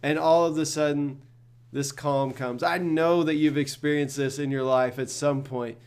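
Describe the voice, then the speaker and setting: A man's voice: a little high, fairly even intonation, normal speed, clean tone. A middle-aged male pastor giving a devotional talk in an earnest, conversational way, often repeating words as he thinks.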